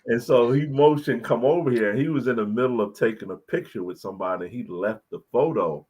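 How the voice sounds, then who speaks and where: A man's voice: medium pitch, a little fast, a little mellow, slightly rough. A man, a college basketball head coach, telling an earnest, emotional story as a guest in an interview.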